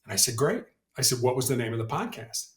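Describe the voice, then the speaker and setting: Fast and animated, this middle-aged man speaks in a mid-range voice as a guest on a podcast. A motivational speaker, he shares stories earnestly in a conversational interview, frequently repeating words at the start of sentences, with roomy echo on the recording.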